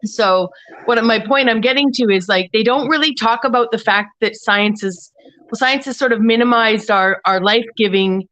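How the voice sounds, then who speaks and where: A woman's voice: a little high, moderate pace, fairly bright tone, rough recording. A woman joining a casual livestream discussion as a panel guest, rambling and searching for words mid-thought.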